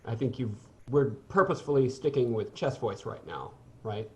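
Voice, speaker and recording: A man, a singing student, replying thoughtfully and in a measured way during a voice lesson. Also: medium pitch. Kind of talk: lesson discussion.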